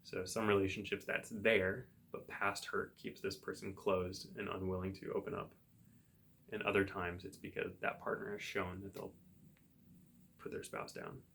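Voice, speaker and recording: A man, a psychotherapist hosting his own show, thinking aloud in a relaxed solo monologue with everyday examples. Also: fairly low pitch, gravelly, slight background noise. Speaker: psychotherapist podcast host.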